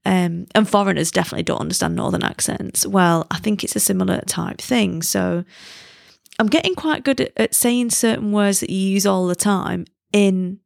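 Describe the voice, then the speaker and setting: Chatty British woman with a gravelly edge. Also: medium pitch, normal speed, no echo, clean studio sound. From Britain. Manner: chatty and self-deprecating, laughs at herself. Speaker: podcast host. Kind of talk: casual chat.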